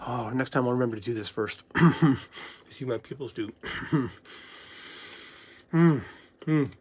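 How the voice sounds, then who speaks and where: A vlogger talking in a loose, rambling monologue, swearing freely and sometimes dropping into soft whispers. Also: mid-range voice, unhurried, husky.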